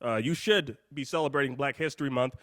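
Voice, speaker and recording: A man hosting a live call-in show, out of breath, talking in a hyped, jokey, rambling way that swings between loud and soft. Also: mid-range voice, fast talker, no echo, clean studio sound.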